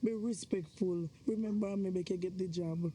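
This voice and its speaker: A woman's voice: fairly low pitch, steady tone, normal speed, warm tone, a little hiss or hum, natural voice. A woman playing a prim scolding Jamaican churchwife. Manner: scolding, insisting on respectability. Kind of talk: Jamaican film drama acting.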